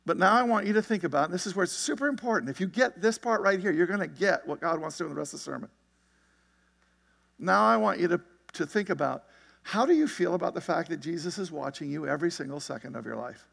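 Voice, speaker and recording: A man's voice: high-pitched, expressive, quick pace, gravelly, fairly bright tone, big-room sound. A man preaching a sermon in a conversational way, often checking in with his listeners. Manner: conversational preaching with frequent "right?" and "you see it?". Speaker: pastor.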